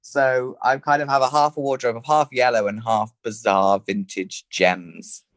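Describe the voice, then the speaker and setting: A camp, theatrical man with an English Midlands accent chats as a podcast guest, in his thirties by the sound. His voice sits at a middle pitch, and the recording is dry and close. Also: flat delivery, moderate pace, dry recording. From England. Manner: camp and theatrical, calls people darling. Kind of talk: casual chat.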